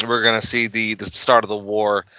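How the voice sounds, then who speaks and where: A man co-hosting a casual podcast chat, animated and quick to laugh. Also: fairly low pitch, clean tone, dry recording. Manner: animated, laughs often, does quick impressions. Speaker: podcast co-host.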